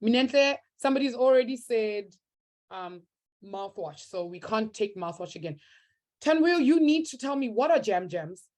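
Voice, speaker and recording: A woman's voice: on the high side, lively intonation, normal speed, a little mellow. A young woman teaching a live online maths class, upbeat and encouraging as she reads out students' answers from the chat.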